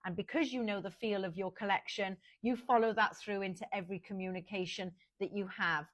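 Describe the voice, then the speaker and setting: A woman's voice: medium pitch, steady tone, brisk. A woman talks the listener through brand advice as a fashion business consultant. She speaks in a casual, conversational way, straight to the viewer, and sometimes stops to restart a phrase. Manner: conversational, with small restarts, addressing the viewer directly. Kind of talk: casual advice talk to camera.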